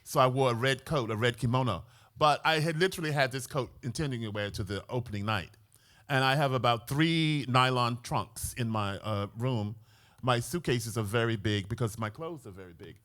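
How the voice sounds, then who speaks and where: A man's voice: moderate pace, a bit bright. An American man speaking as curator on a museum panel, flamboyant and theatrical in manner. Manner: flamboyant and theatrical, swooping pitch. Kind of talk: lively panel talk. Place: museum event hall with audience.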